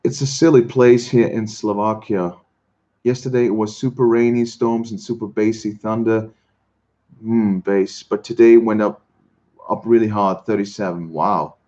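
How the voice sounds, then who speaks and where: A man from Switzerland, hosting a casual livestream and chatting with viewers in a halting way, often repeating words and chuckling. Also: fairly low pitch, fairly even intonation, dark tone, lo-fi sound. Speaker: livestream host. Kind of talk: casual chat reading viewer comments.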